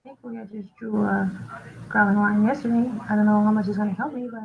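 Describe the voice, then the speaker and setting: A young woman narrating her drawing process in a chatty, thinking-aloud way, mid-pitched and easygoing. The recording is slightly dull and lo-fi, with a faint hum behind her. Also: steady tone, a little fast, vocal fry. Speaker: storyboard artist teaching. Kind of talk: casual drawing tutorial.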